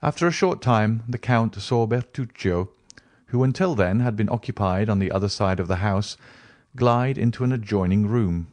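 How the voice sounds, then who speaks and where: A man reading a classic novel aloud as an audiobook narrator, in a deliberate, expressive storytelling manner. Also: fairly low pitch. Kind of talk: scripted narration.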